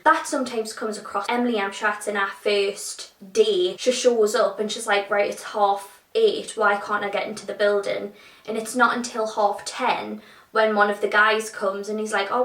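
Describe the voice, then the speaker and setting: A woman's voice: medium pitch, a bit bright. A young woman with a British accent, chatting informally and animatedly while reviewing a TV show. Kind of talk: casual chat. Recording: echoey room.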